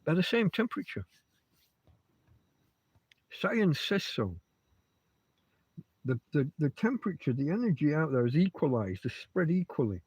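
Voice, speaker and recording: A man's voice: fairly high pitch, sing-song, normal speed, a little mellow, slightly rough, no room sound. A man hosting a casual livestream from his bed at home, rambling and swearing freely as he chats. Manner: heavy swearing, rambling asides. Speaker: livestream host.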